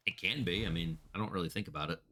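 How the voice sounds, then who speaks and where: Deep-voiced man streaming a game. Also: very fast, pushed and bright, a little hiss or hum. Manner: rambling, laughs often. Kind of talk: casual gameplay commentary.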